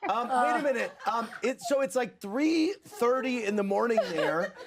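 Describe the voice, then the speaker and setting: A woman's voice: fairly high pitch, expressive, moderate pace, vocal fry, a crowd in the background. A woman hosting a late night show, amused and laughing while chatting with callers. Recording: noisy broadcast clip.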